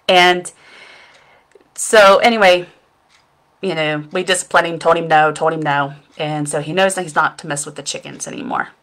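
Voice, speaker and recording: A middle-aged woman, a makeup seller who vlogs, tells a rambling story poking fun at herself while chatting from home in front of her webcam, laughing as she goes. It's a casual storytelling vlog, and her fairly low voice has a fairly bright tone.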